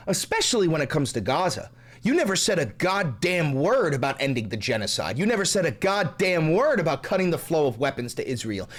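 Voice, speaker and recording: A man hosting ranting political commentary, profane, angry and sarcastic, dropping to low asides and then shouting. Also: sing-song, fairly quick. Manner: swings between low asides and raised shouting.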